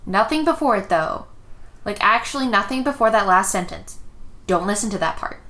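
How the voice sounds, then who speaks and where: Brief: sharp, commanding lawyer mom, read by a woman narrator, bright and quick. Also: mid-range voice, lively intonation, natural voice. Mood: fierce. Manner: crisp, clipped, commanding. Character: fierce, brisk lawyer mother.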